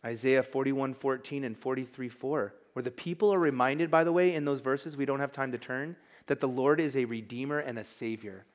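A man's voice: mid-range voice, steady tone, a little fast, few pauses. A man preaching a sermon as pastor, emphatic and conversational, with asides to the congregation.

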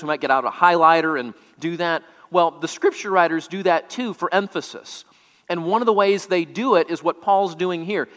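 A man's voice: high voice, a bit bright, big-room sound. A man preaching a sermon, explaining scripture word by word as a teacher, often repeating words as he restarts.

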